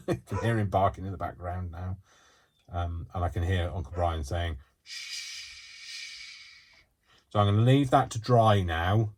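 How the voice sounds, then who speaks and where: A man hosting a casual craft demonstration from a home craft space, talking in a rambling, excitable way with lots of fillers. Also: low-pitched, breathy edge. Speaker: craft channel host.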